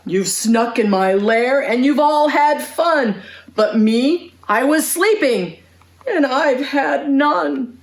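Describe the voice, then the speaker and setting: A woman's voice: high voice, expressive, takes it slowly, echoey room, pitched above the performer's own voice, exaggerated voice. A woman voicing a big grumpy bear in a children's picture book, with a whiny, complaining voice.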